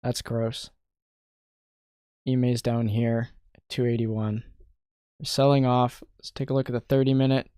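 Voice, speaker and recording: Young man, from Canada, casual live-stream talk, frustrated muttering, mid-pitched voice, dry close mic. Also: level tone, normal speed, pauses often, warm tone, clear, resonant tone, no echo. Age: young adult. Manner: frustrated muttering, thinking aloud, swearing. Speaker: day trader streaming live.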